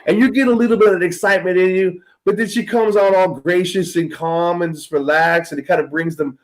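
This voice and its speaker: Rambling, jokey co-host, a bit high. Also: male voice, fairly even intonation, fairly quick, poor audio. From California Central Valley. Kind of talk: casual podcast chat.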